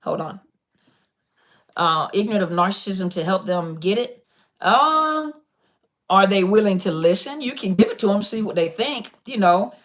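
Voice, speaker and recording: A woman's voice: medium pitch, moderate pace. Chatty woman hosting live Q&A. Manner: chatty and animated, addresses viewers directly, repeats "listen". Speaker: online coach on narcissist abuse, live Q&A host. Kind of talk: casual live-stream Q&A.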